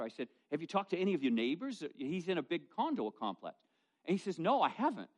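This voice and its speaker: A middle-aged male pastor preaching a sermon, telling folksy personal stories in an animated way. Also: on the high side, fast talker. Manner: storytelling, animated, folksy asides.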